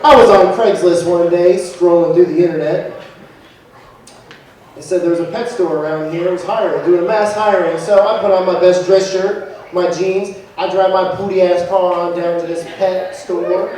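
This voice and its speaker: A man's voice: sits high, fairly even intonation, normal speed, a little mellow. A young man doing a profane, self-mocking stand-up comedy set into a handheld microphone. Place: comedy venue in front of a live audience. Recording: echoey room taped from far off, with crowd. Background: audience laughter and heckling.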